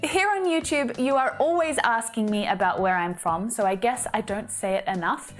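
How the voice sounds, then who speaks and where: Woman, Australian accent, fairly high voice, upbeat explanatory tone, scripted lesson delivery, faint music behind. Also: moderate pace. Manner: upbeat and explanatory, with light laughs. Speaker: English teacher.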